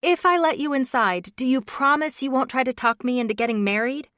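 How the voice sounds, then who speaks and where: A woman narrator voicing a wary young woman who asks pointed, indignant questions at a raised pitch. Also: brisk, a bit bright, no room sound, clean studio sound.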